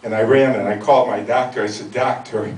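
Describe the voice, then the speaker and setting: An older man from the Chicago area performs stand-up in a comedy club, landing dry, self-mocking punchlines. His mid-range voice has a darkish tone and fairly even intonation, and he speaks quickly. The recording is echoey, distant, and noisy.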